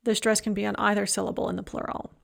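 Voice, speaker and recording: A woman lecturer teaching a language lesson, explaining grammar step by step and slowing down to enunciate each example phrase. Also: medium pitch, flat delivery, gravelly. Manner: explanatory, repeats key points. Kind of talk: recorded lecture.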